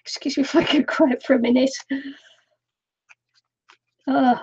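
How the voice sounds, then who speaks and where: Older woman, high and slightly husky, slow chatty craft streamer who laughs a lot, dry lo-fi home sound. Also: steady tone, a little mellow, dry recording. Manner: chatty, laughs often, talks to viewers. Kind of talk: casual live-stream chat while crafting. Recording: dull lo-fi home recording.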